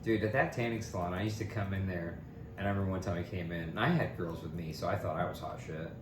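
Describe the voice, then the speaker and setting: A man's voice: deep voice, fast. Rambling young man telling stories. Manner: rambling, animated, full of fillers and acted-out quotes. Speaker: podcast co-host. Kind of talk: casual storytelling chat. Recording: echoey room, distant mic, noisy.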